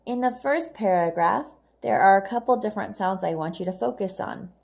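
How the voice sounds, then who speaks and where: A woman's voice: mid-range voice, a little fast, gravelly, darkish tone. A woman teaching children English phonics, patiently asking questions and praising their answers.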